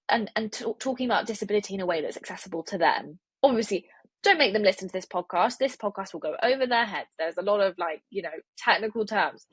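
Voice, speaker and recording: A woman hosts a podcast in a husky, lowish voice, chatty and emphatic as she drives her points home. The sound is close and dry, with no room echo. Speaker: podcast host. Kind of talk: casual interview conversation.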